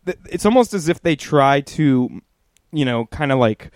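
A man's voice: a little high, lively intonation, normal speed, dry recording. A man co-hosting a casual movie chat, analytical and wry, with stammering restarts. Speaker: podcast co-host.

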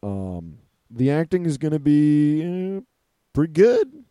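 A man with a very dark, mellow voice hosts a relaxed movie chat. He jokes and laughs often as he moves things along. The sound is dry and close. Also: a little high, slow, smooth, no echo. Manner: joking, laughs often, leads the segments. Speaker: podcast host. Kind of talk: casual movie-trailer chat.

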